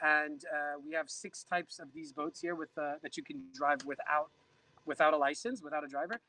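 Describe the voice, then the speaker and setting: A man's voice: fairly high pitch, steady tone, moderate pace, bright, forceful tone, low-quality recording. A man who runs a boat rental, explaining the boats in an upbeat, joking salesman patter. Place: outdoors on a boat in a lagoon.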